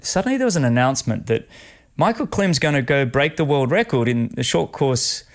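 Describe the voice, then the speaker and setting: A man's voice: medium pitch, a little fast. A middle-aged Australian man hosting a podcast interview, telling stories with enthusiasm. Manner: enthusiastic, animated storytelling. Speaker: podcast host. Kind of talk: casual interview chat.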